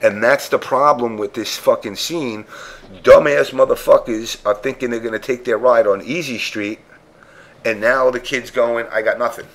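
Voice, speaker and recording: A man of ordinary pitch chats on a podcast panel. He is blunt and profane, and he acts out the other people's lines as he tells his story. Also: steady tone, moderate pace. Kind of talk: casual chat storytelling.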